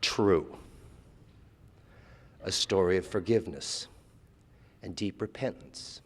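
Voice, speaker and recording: A man telling a dramatic story at a live event, swinging from lively to hushed. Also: low-pitched, takes it slowly. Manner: animated, acts out voices, drops to hushed tones. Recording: live hall with long reverb.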